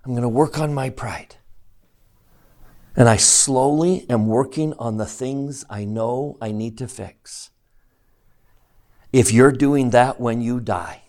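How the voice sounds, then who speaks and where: Animated man teaching a scripture class. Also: mid-range voice. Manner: animated, emphatic, asks the class questions; reads scripture slowly and deliberately. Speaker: religion teacher.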